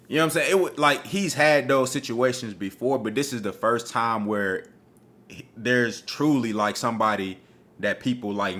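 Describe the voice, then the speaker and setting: A man's voice: lowish voice, moderate pace. A man giving his casual opinions on an upcoming boxing fight, talking with street slang and cursing freely. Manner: profane, animated, street slang. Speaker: boxing commentator.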